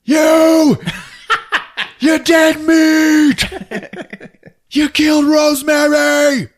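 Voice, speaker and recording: A man voicing an enraged adult man, a bullying father who shouts and snarls threats. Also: lowish voice, big pitch swings, slow pace, breathy edge, full character voice. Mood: furious.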